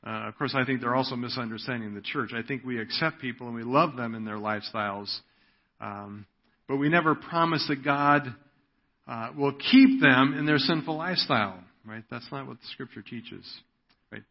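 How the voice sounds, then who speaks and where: A man's voice: mid-range voice, normal speed. A man preaching a sermon in an earnest way, often checking in with "right?". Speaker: pastor. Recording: dull lo-fi audio.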